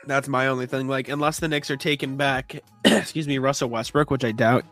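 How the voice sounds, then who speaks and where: Sniffly man with a halting, throat-clearing delivery. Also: mid-range voice, steady tone, fairly bright tone, soft background music. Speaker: co-host of a sports talk stream. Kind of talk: casual sports chat.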